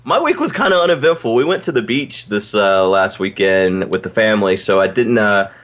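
Expressive mid-pitched man chatting on a podcast. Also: brisk. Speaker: podcast co-host. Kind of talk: casual podcast chat.

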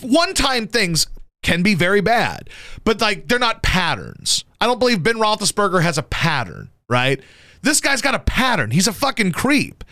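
A man hosting a radio show, chatting casually about sports in a profane, animated way and jumping into high yelps to mimic people. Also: no echo, clean studio sound. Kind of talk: casual sports talk banter.

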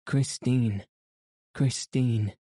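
A man's voice: lowish voice, fairly even intonation, slow, dark tone, no room sound, studio quality. A man voicing a grief-stricken young nobleman in love in an audiobook, speaking in a sorrowful, pleading way.

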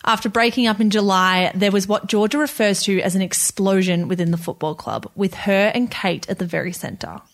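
A woman hosting an interview, asking measured, probing questions and narrating between answers. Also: medium pitch.

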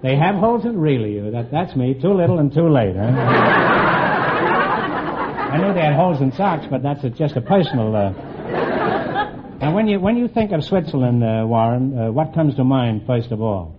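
A man hosting a radio quiz show, teasing his contestants with quick quips and a habit of tacking "huh?" onto his jokes. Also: medium pitch, expressive, over a noisy crowd, very noisy. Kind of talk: wisecracking quiz show banter. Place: radio studio before a live audience. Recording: dull old broadcast with loud audience.

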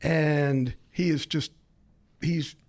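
A middle-aged man, a sports insider, telling a story as a podcast guest with fast, excitable delivery, acting out the other people in it. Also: a little high. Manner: fast, excitable, acts out quoted voices. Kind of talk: animated storytelling.

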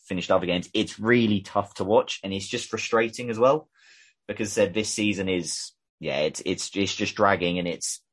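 A man hosting a casual fan podcast, talking fast in a rambling, frustrated way, with lots of fillers and restarts. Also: low voice, slightly rough. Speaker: podcast host.

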